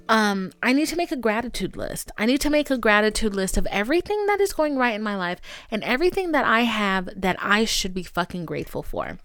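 A young woman hosting a solo podcast, talking candidly in an animated, profane, playfully dramatic way. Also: mid-range voice, brisk, hardly any pauses, soft background music. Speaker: podcast host.

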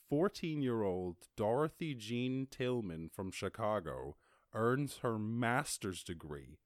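A man with an Irish accent hosting a casual solo podcast, reacting to news in a jokey, excitable way and swearing freely. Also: fairly low pitch, a little slow, no echo, clean studio sound. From Ireland. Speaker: podcast host.

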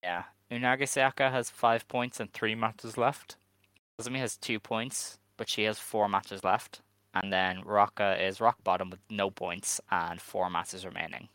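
Low, bright-voiced podcast man. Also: level tone, clear, resonant tone, dry recording. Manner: reads standings in a measured, dry way. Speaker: podcast co-host. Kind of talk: casual podcast chat.

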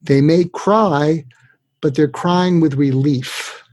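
Male psychiatrist guest, husky and a touch high, lively storyteller who mimics the people he quotes; dry close sound. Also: slow, no room sound. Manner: acts out quoted voices with big pitch jumps. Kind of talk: animated storytelling in conversation.

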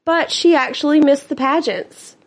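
A woman's voice: sits high, fairly even intonation, moderate pace. A woman co-hosting a true-crime podcast, chatting casually, laughing often and tossing in blunt asides. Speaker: podcast co-host.

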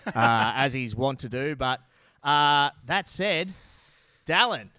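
A man's voice: medium pitch, lively intonation, slow pace, sharp tone, dry recording. An Australian man hosting a casual rugby talk show with laid-back, blokey banter. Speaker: podcast host.

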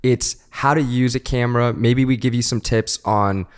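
A man's voice: medium pitch, steady tone, normal speed, clean tone. A man co-hosting a podcast, telling stories in a laid-back, slangy way. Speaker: podcast co-host. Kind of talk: casual chat.

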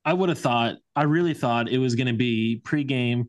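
A man co-hosting a sports podcast in casual chat, retelling scenes and stories with quick asides. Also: medium pitch, no room sound. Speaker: podcast co-host.

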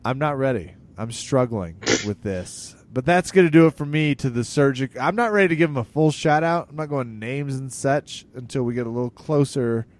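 A man's voice: mid-range voice, normal speed, hardly any pauses, a little hiss or hum. Joking podcast host man. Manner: joking, animated, with sudden loud emphasis. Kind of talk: casual comedic chat.

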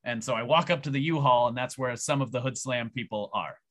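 A man guesting on a podcast, telling a long casual story in a profane, rambling, animated way. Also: mid-range voice, a little fast. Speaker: podcast guest, pro wrestler.

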